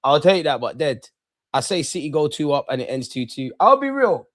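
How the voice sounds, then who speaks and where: A young man, hosting a live football watch-along. He chats casually and excitedly in slang, speaking straight to his viewers. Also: mid-range voice, brisk. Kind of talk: casual live-stream chat and commentary.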